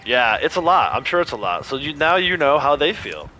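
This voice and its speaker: A streamer who also coaches youth softball chats casually while livestreaming a game, rambling between stories and laughing often. His voice is fairly high and sharp, slightly fast with big pitch swings, and soft music plays in the background.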